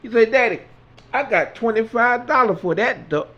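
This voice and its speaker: Performing every character in turn, a man tells a long dirty joke in Southern US vernacular. He speaks at a moderate pace in an extremely high pitch with lively intonation, captured in dull lo-fi sound.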